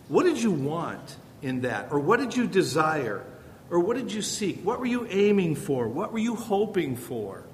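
Lively man teaching in an echoing hall. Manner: conversational, repeats rhetorical questions. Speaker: Bible teacher on parenting. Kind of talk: informal teaching talk. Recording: reverberant hall with faint rumble.

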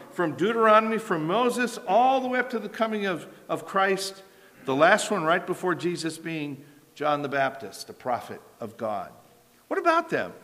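A man's voice: fairly high pitch, bright, forceful tone. A man preaching a sermon, reading scripture aloud and telling his congregation to turn to passages. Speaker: pastor. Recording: echoey hall.

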